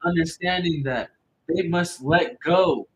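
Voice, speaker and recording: A man's voice: on the high side, slow pace, a little hiss or hum, poor audio. Blunt, foul-mouthed man reading tarot. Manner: blunt, profane and emphatic; loose, rambling phrasing. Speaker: tarot reader. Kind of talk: casual online tarot reading.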